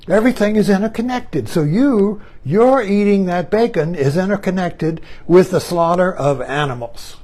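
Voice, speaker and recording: An older man hosting an online talk muses through a rambling, reflective monologue, repeating himself and chuckling as he turns his ideas over. His voice sits high, slightly mellow, at a measured pace.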